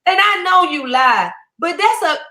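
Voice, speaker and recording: A woman's voice: very high voice, measured pace. A woman comedian, telling a story in a casual video chat and acting out the voices in it. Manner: animated, acts out the voices in her story. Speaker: guest comedian. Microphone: online video chat.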